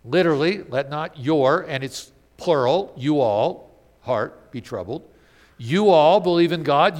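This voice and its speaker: Male pastor, sermon delivery, emphatic and questioning, very expressive pitch. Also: a little slow, long reverb tail. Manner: animated, emphatic preaching with rhetorical questions.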